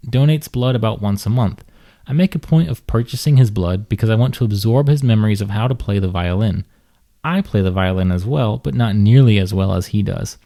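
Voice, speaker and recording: A man's voice: lowish voice, mellow. A man reading a first-person detective audiobook in a dry, matter-of-fact way. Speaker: audiobook reader.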